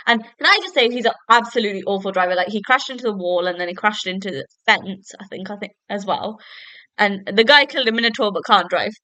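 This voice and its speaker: Young woman host, bright tone, dry close sound, rambling casual recap. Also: mid-range voice, quick pace, no echo. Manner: chatty, with many fillers and self-corrections. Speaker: podcast host. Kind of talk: casual solo TV episode review. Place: at home.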